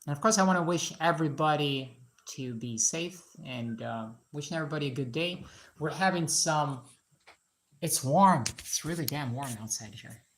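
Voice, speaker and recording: A woman's voice: low voice, normal speed. Chatty woman streaming from a garage. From Russia (Moscow). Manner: chatty and joking, asks viewers questions. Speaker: live-stream host, musician and painter. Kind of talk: casual live-stream chat.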